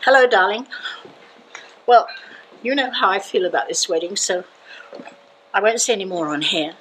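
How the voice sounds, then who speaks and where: A woman's voice: mid-range voice, normal speed, background noise, natural voice. An amateur actress playing the bride's cold, disapproving mother. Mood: frosty. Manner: cold, pointed. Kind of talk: amateur stage acting.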